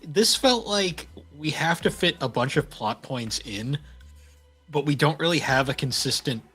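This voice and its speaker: A man co-hosting a casual podcast chat, laid-back and hesitant, with a husky voice. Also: fairly high pitch, animated, unhurried, bright, forceful tone, faint music behind. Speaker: podcast co-host.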